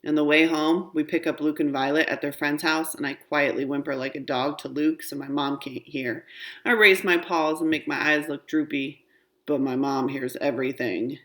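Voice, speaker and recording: Low-voiced woman reading a children's book. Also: normal speed. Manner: expressive first-person narration. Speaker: storybook reader.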